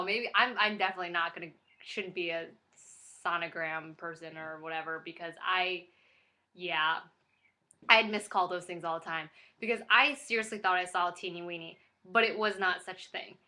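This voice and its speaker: A woman's voice: medium pitch, pushed and bright. A young woman vlogging casually to camera, gushing and giddy with lots of fillers.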